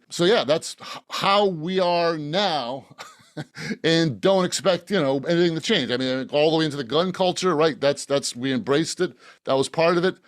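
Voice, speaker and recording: A man's voice: a little high, dry recording, studio quality. A man from Boston, the author guest on a casual podcast interview. He rambles, jokes, laughs often and restarts his sentences. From Boston, Massachusetts.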